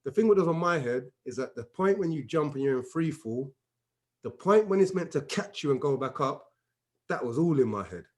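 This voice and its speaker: A man's voice: on the high side, expressive, fairly quick, a little mellow. A man in a casual group chat, animatedly telling a story and acting out the dialogue. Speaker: regular discussion member.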